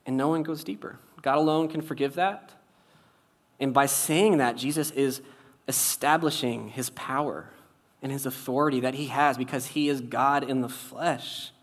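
A man's voice: medium pitch, fairly even intonation, normal speed. Man preaching a casual sermon. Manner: conversational, wry, shifts loud and soft for emphasis. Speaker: pastor.

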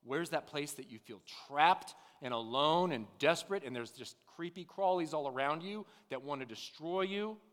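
A male pastor delivers a sermon with a lively, rising and falling voice, sitting a little high for a man. He moves from quiet, intimate passages to forceful bursts, and his words ring out with the long reverb of a large church. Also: moderate pace, hardly any pauses. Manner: swings from hushed to loud, emphatic preaching.

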